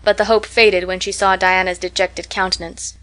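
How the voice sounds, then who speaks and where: With a lowish voice, a woman narrates a classic novel for an audiobook, following the script in an expressive, measured manner.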